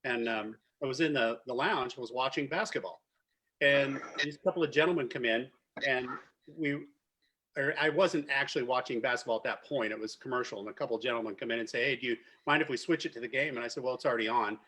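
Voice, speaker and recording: A man in an even, middle-pitched voice talks casually at a virtual wine tasting. He is an animated storyteller who laughs often. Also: fast, husky. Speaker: winemaker. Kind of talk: casual chat. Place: virtual tasting video call.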